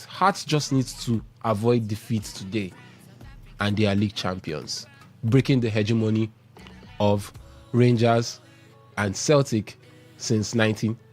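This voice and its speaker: A man hosts a live sports radio show from the studio. His delivery is brisk and upbeat as he runs through football results and repeats the station's contact numbers. A faint music bed sits behind his voice. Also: medium pitch. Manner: brisk, reads out contact details with repetition.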